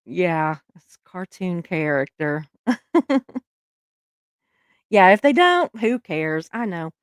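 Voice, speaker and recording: Chatty Southern woman with a low voice. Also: big pitch swings, clean tone, dry recording, clean studio sound. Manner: chatty, laughs often, drawn-out words. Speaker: livestream host. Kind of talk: casual chat reading viewer comments.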